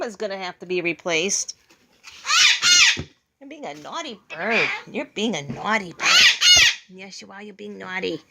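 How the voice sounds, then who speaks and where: A woman's voice: medium pitch, moderate pace, pauses often, heavy background noise. A woman filming at home, talking to her pet bird in a sing-song baby-talk voice and playfully scolding it.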